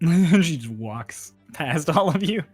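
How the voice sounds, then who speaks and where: A man's voice: on the high side, lively intonation, slow, a little mellow, slightly rough, no echo, soft background music. A man narrating a tabletop game as game master, laid-back and casual, swearing now and then.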